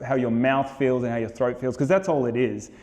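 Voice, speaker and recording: A man's voice: mid-range voice, brisk, darkish tone, in a large hall. A young Australian man, an actor, chatting animatedly as an interview guest, telling stories with laughs. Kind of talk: casual interview chat.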